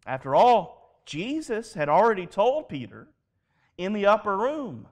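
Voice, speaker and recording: Animated male pastor, high lively voice. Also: unhurried. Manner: animated storytelling, acting out dialogue. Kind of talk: sermon. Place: church service, live.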